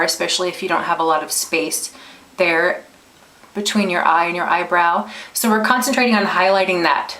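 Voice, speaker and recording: A woman's voice: fairly low pitch, fairly bright tone. A woman giving a casual makeup tutorial, chatty and explaining each step with small restarts. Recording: roomy echo.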